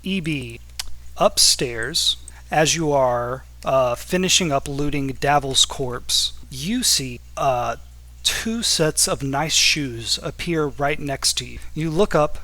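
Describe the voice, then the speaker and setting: Bright-voiced man running a tabletop game. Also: mid-range voice. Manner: casual, with filler words and quick asides. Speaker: game master.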